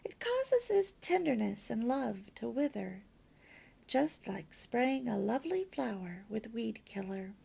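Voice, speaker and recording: A woman's voice: fairly high pitch, very animated, unhurried, gravelly, dark tone, slightly rough. A woman reading a homemaking lesson aloud as a story, lilting and emphatic with near-whispered asides. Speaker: reader of a homemaking course.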